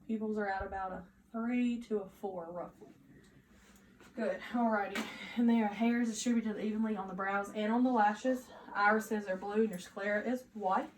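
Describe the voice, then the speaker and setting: A woman who is a nursing student, narrating a physical assessment step by step with steady, instructive directions. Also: medium pitch, moderate pace, slight background noise. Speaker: nursing student performing an exam. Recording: echoey room with faint ambience.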